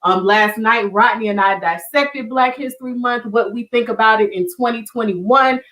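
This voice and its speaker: A middle-aged woman with a Southern US accent leads an online lesson, talking to her viewers like friends. She calls them y'all and keeps her tone warm and encouraging. Her voice sits slightly back from the microphone. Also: a little high, moderate pace, far from the mic, low-quality recording. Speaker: online community show host. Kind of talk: casual livestream teaching.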